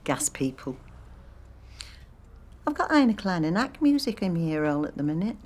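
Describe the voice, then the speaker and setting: A talkative woman in her sixties, stuck on hold on the phone. She rambles on with a dry, wry humour, and her voice sits a little on the low side. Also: sing-song, normal speed, darkish tone. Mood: wry musing. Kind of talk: film monologue acting.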